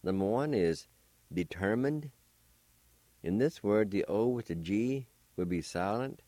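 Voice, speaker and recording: A man with a deep, mellow voice hosts a radio language lesson, taking his time. He spells and sounds out each word syllable by syllable as a patient, encouraging teacher. The sound is close and dry. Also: expressive, dry recording. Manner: spells and pronounces words slowly, syllable by syllable.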